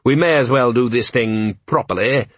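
Man voicing a wry male ruler, dry irony, polite, calm, a bit husky, audiobook. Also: mid-range voice, moderate pace, no echo, natural voice. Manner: calm, dryly ironic, polite.

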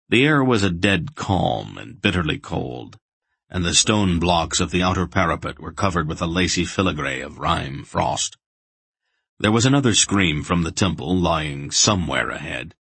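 A man narrating a fantasy audiobook in a measured, deliberate way. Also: low-pitched, a bit bright, breathy edge, dry recording.

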